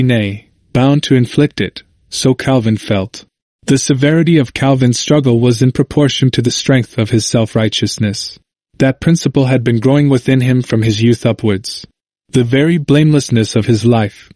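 A man's voice: medium pitch, darkish tone, no echo, studio quality. Earnest man reading a history aloud.

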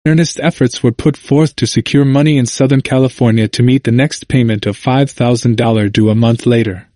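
A man reading a historical book aloud in a measured, even narration. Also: medium pitch, no room sound, clean studio sound. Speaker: audiobook reader.

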